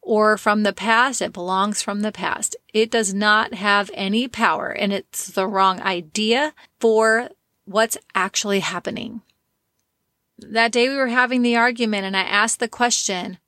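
A woman's voice: medium pitch, steady tone, measured pace, pushed and bright, dry recording, clean studio sound. A woman hosting a podcast, giving a candid teaching monologue with self-mocking asides. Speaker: podcast host.

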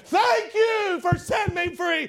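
A man preaching, voicing a grateful healed leper who shouts his praise with fervent passion. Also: very high-pitched, measured pace, creaky, voice pushed up, heavily acted. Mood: shouting praise.

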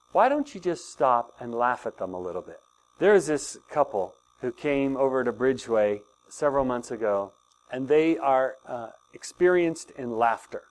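An older man preaching a sermon to his congregation, animated and often laughing as he talks. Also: a little high. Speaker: pastor.

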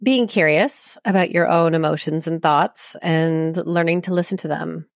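A woman psychologist and couples therapist appears as a guest on a podcast, explaining things earnestly and reassuringly with everyday examples in a conversational interview. Her voice is low-pitched and creaky at a moderate pace, captured in a dry, studio-quality recording.

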